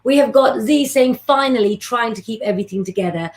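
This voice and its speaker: A woman's voice: fairly high pitch, fairly quick. A woman, hosting a live astrology stream and chatting with viewers in a rambling way. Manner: warm, chatty, rambling, gives readings to viewers by name.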